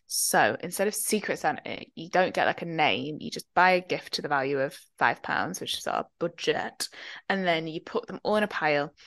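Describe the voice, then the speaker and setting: A woman's voice: sits low, lively intonation, normal speed, fairly bright tone, no echo. A young woman co-hosting a podcast, telling wry anecdotes in casual chat. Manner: chatty, wry, storytelling. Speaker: podcast co-host.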